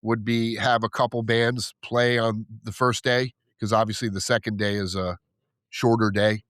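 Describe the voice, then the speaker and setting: A man's voice: on the low side, level tone, moderate pace, fairly bright tone, no room sound, studio quality. A man, chatting on a podcast in a laid-back, joking way. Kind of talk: casual chat.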